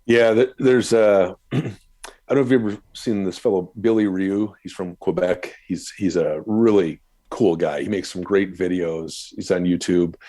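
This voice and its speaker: A man with a very deep voice, from the Upper Midwest, chats as a podcast guest about his guiding work. He rambles, restarts and pokes fun at himself in an easy, unhurried way. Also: steady tone, mellow, no echo. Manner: rambling, self-deprecating, many restarts. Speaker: podcast guest, canoe guide and blogger. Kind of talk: casual interview talk.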